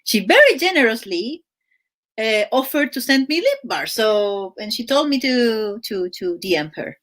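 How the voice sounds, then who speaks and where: A woman's voice: fairly high pitch, sing-song, a little slow, fairly bright tone. A woman hosting a livestream in casual chat, giggling often and restarting her sentences, speaking English as a second language. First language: not English. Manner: chatty, giggly, many fillers and restarts. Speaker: livestream host. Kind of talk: casual live-stream chat.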